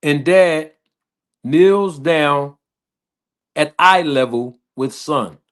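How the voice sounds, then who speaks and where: A man tells a story at a slow, deliberate pace, his voice sitting a little high. He builds it step by step, repeating phrases. The delivery is unhurried and conversational. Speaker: podcast host.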